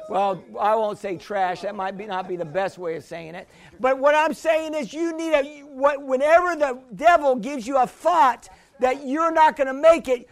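High-voiced emphatic preaching man. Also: moderate pace. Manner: preachy, emphatic, call-and-response. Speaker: pastor. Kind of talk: sermon.

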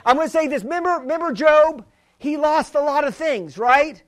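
A man with a very high voice delivers a fervent sermon. He repeats key phrases and calls out to the congregation for a response. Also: normal speed, fairly bright tone. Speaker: preacher.

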